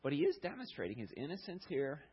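Husky man preaching conversationally. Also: a little high, fast talker, muffled recording. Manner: conversational, animated storytelling. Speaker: pastor. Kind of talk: sermon.

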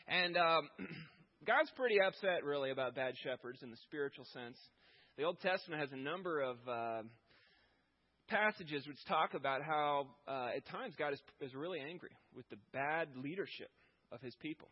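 A man preaching a conversational sermon, rising in pitch and force as he makes his points. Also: lively intonation, moderate pace, dull audio. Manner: conversational preaching, rising with emphasis when voicing God. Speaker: pastor.

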